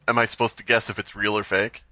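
A man's voice: lowish voice, little pitch movement, fast talker, pushed and bright. A man co-hosting a comedy podcast, teasing and joking throughout. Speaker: podcast co-host. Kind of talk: comedic banter.

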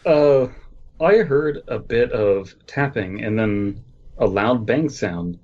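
A man in a comedic reading and chat who delivers his lines deadpan and deliberately. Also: mid-range voice, dull audio.

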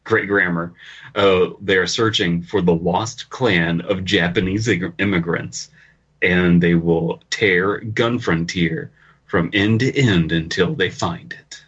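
A man's voice: low-pitched, steady tone, takes it slowly, fairly bright tone, breathy edge. A man co-hosting a comedy podcast, reading a story aloud with crude, sardonic asides. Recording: dull lo-fi recording.

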